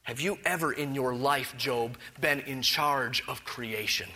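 A man preaching an expository sermon, emphatic, firing loud rhetorical questions and then dropping to a soft reflective tone. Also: medium pitch, a little slow, hardly any pauses.

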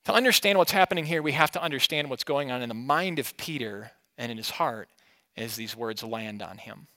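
A pastor preaching an expository sermon in a conversational way, asking his listeners questions and swinging between emphatic and quiet. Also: medium pitch, lively intonation, fairly quick.

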